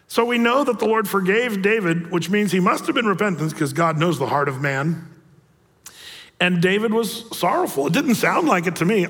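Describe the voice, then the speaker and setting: A man's voice: high voice, expressive, a little fast, fairly bright tone. A man in his sixties, a pastor, preaching a sermon in a conversational storytelling manner. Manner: conversational, storytelling, acts out quotes. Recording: long reverb of a large hall.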